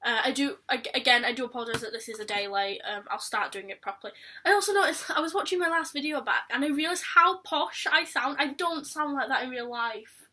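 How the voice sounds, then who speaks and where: A woman's voice: high-pitched, animated, brisk, bright, forceful tone, recorded from a distance. A young woman with a Yorkshire accent talking candidly to camera in a rambling vlog, with frequent ums. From Yorkshire, England. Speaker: vlogger. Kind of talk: casual talk to camera.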